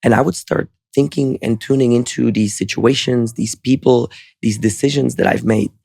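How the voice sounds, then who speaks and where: Gravelly, earnest man. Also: mid-range voice, fairly even intonation, normal speed, a little mellow, no echo, clean studio sound. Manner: earnest, reflective. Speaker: podcast guest. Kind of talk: storytelling interview answer.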